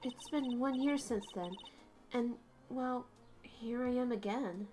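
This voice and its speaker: A woman's voice: on the high side, takes it slowly, mellow, slight background noise. A woman voicing a nervous young rookie lawyer who talks in a flustered, defensive way. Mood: determined.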